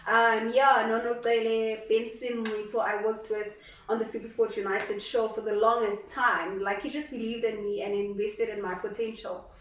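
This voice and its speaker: A South African woman, a sports broadcaster, chatting as a guest and telling stories with lively acted-out quotes. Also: a little high, normal speed, slight background noise. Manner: expressive storyteller who acts out quotes. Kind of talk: casual interview chat. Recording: roomy echo, distant mic.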